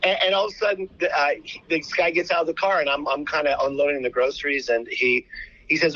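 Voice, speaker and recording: Bright-voiced man telling a story on radio. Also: on the high side, fast, no echo, muffled recording. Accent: American. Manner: animated storyteller, many restarts. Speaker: charity founder, guest. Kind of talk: radio interview.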